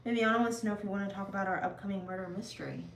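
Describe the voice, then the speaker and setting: A woman's voice: mid-range voice, fairly even intonation, rapid-fire. Woman chatting live, reads out comments, echoey room w a faint hum behind. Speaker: co-host. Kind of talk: casual livestream chat. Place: at home.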